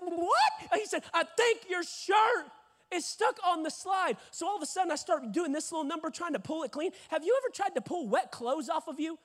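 A young man in his twenties preaching a sermon, telling a lively story and acting out voices, rising to shouts at the peaks. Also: very high voice. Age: 20s.

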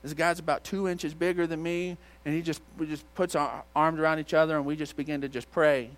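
A middle-aged male pastor telling a story in a sermon, shifting between loud outbursts and hushed retelling. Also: a little high, steady tone, fairly quick. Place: church auditorium.

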